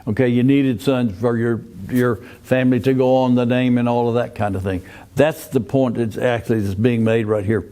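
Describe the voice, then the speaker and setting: A man's voice: medium pitch, fairly even intonation, normal speed, mellow. An older man teaching a Sunday school Bible class in a folksy way, often asking the class questions and restarting his phrases.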